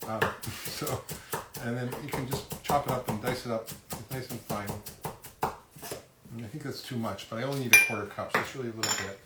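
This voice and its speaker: A man's voice: medium pitch, fairly even intonation, moderate pace, very noisy. A man hosting a casual live cooking demonstration from his home kitchen, chatting in a self-deprecating way with many fillers. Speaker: cooking show host. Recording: roomy, distant kitchen sound with loud clatter. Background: cutlery, dishes and chopping clatter.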